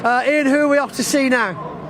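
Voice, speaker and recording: A man's voice: extremely high pitch, noisy background. A man presenting live while walking around an outdoor race circuit, chatting and joking with guests. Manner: chatty, jokey, quick asides. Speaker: trackside presenter.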